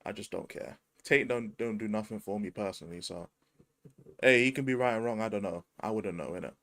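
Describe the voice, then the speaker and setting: A man's voice: on the low side, a little fast, a bit bright. A man with a London accent hosting a casual livestream chat, laid-back and slangy, swearing often. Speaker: streamer host.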